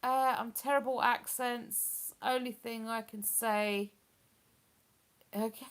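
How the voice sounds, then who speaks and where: A woman's voice: a little high, steady tone, slow pace. A woman with a chatty, rambling manner, hosting a casual live stream and reading out viewer comments. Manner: chatty, rambling, with many fillers.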